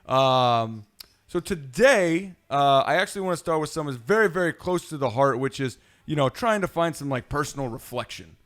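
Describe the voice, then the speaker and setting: A man's voice: on the high side, animated, normal speed, fairly bright tone. A man hosting a casual podcast, talking in a rambling, playful way with many fillers. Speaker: podcast host.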